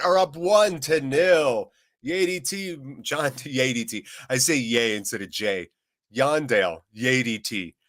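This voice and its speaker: A man's voice: a little high, fairly bright tone, no room sound, studio quality. A man hosting a live football watchalong, calling the match and chatting casually while reading out viewer comments. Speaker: host.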